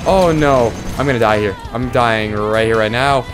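A man giving excitable live gameplay commentary, yelping and laughing at the action as game music plays. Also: medium pitch, normal speed, few pauses.

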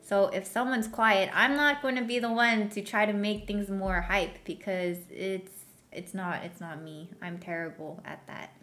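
A woman's voice: mid-range voice, fairly even intonation, measured pace, pushed and bright. A woman streamer chatting casually and answering viewer questions, self-deprecating and giggly, humming little filler tunes.

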